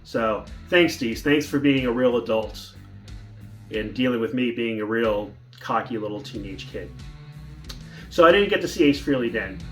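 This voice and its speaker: A man's voice: medium pitch, animated, moderate pace, soft background music. A man telling a personal story in a casual vlog, rambling with restarts and fillers. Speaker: vlogger.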